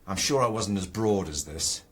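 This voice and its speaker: An older man from a small English town, telling family stories in an animated way that often trails off and restarts. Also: low-pitched, moderate pace, breathy edge. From Ilkeston, England. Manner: animated storyteller, restarts and trails off when excited. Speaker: guest exploring his family history. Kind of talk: casual documentary conversation.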